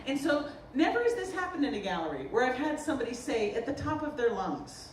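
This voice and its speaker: A woman from the Boston area, a potter giving a humorous artist talk, telling stories in an animated, joking way. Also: high voice, brisk. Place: lecture room at a festival. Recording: roomy, distant mic, faint noise.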